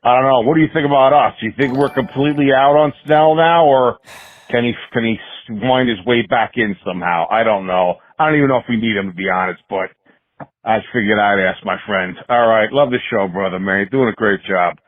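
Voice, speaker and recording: A man who is a little under the weather, calling in and chatting in a relaxed, friendly way. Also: mid-range voice, fairly quick, dry recording. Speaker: caller. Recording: dry tinny phone line.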